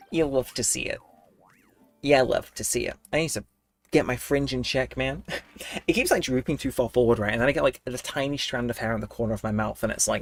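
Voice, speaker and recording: A young man, mid-pitched for a guy, livestreaming from home with a cold coming on. He rambles chattily to his viewers and laughs a lot. He talks into a desk mic. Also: a little fast, soft background music. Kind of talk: casual live-stream chat while gaming.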